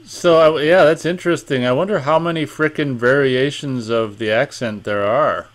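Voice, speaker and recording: A man's voice: mid-range voice, moderate pace. An easygoing man in his forties from Minnesota, with a mid-range voice. He chats casually and thinks aloud as he goes, dropping mild swears now and then. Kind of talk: casual chat.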